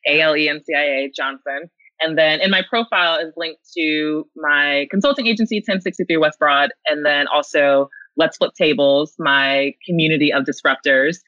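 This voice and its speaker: A woman's voice: deep voice, no echo, muffled recording. A woman in her thirties, a podcast guest and consultant, answering interview questions earnestly and with emotion. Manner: earnest, animated, tearful at times. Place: home.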